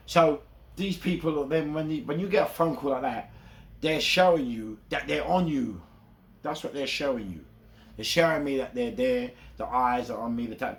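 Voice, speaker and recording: A man's voice: mid-range voice, slight background noise. A man with a London accent, telling his own story in a casual, streetwise monologue full of rhetorical asides. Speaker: self-described gangster telling his story.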